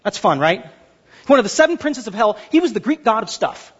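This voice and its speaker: A man's voice: sits high, very animated, brisk, breathy edge, muffled recording. A man preaching a sermon as pastor, emphatic and full of rhetorical questions.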